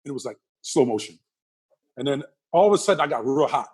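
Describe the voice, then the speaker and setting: A middle-aged man in a casual interview tells animated, vivid stories in a mid-range, darkish voice with a breathy edge. He talks fast with lively intonation, repeating phrases and imitating the people he mentions.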